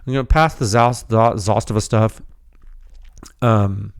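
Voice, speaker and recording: Excitable man hosting a technical podcast. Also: lowish voice, unhurried, smooth, no echo, studio quality. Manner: emphatic and animated, says dude often. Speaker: podcast host.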